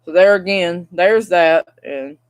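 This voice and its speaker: A woman's voice: on the low side, takes it slowly, clean tone. A young woman, venting to camera in a casual, rambling vlog rant. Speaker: vlogger.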